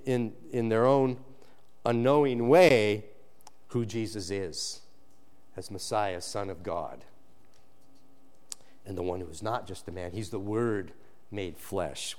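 The speaker is a pastor giving an expository sermon. His delivery alternates between low emphasis and animated raised passages, and he keeps backing up to restart and repeat himself.

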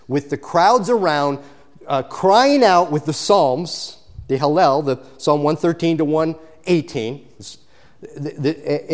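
A pastor preaching a sermon, his delivery swinging between quiet, intimate passages and loud, emphatic calls. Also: fairly high pitch.

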